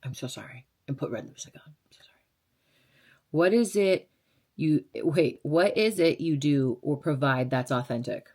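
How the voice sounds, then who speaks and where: A woman's voice: low-pitched, normal speed, a little mellow. A woman in her twenties from Las Vegas, a radio DJ chatting casually as she answers viewer questions, blunt and sarcastic with fillers and laughs. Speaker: radio DJ and vlogger.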